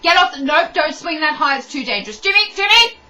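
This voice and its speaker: A woman voicing a fussy overprotective parent who shrieks at a child in a shrill, panicky way, repeating the name. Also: very animated, fast talker, sharp tone, distant mic, muffled recording, heavily acted.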